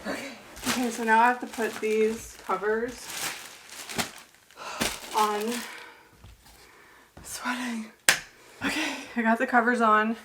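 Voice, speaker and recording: A woman's voice: on the high side, flat delivery, measured pace, pauses often, background noise. A young woman in her twenties chatting casually on her reading vlog at home, blunt and full of fillers, with some swearing. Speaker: book vlogger.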